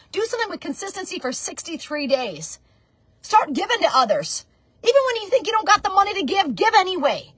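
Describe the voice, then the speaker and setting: A woman's voice: sits high, a bit bright, no room sound. A woman in her forties giving a fervent, preachy motivational talk about network marketing. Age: 40s. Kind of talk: motivational monologue.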